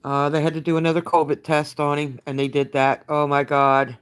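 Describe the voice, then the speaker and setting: Older woman, live-stream update, halting and tired, even pitch, clear voice. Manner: halting, with many fillers, greeting viewers as she talks. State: emotionally worn out. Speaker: caregiver giving a live update.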